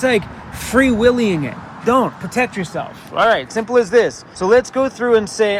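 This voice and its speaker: A man's voice: high-pitched, slight background noise. A Canadian man chatting casually and energetically in a vlog, joking as he goes. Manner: upbeat, jokey, energetic. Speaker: vlogger.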